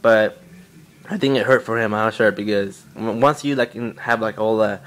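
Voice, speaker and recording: A man's voice: lowish voice, normal speed, a bit bright. A young man casually telling a story on his own channel, rambling with lots of fillers and swearing. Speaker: vlogger.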